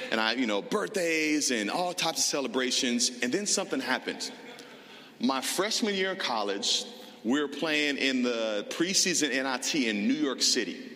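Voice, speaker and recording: A middle-aged man preaching a sermon to a live congregation, telling a story in an animated, conversational way. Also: medium pitch. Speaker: pastor. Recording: reverberant hall, faint ambience.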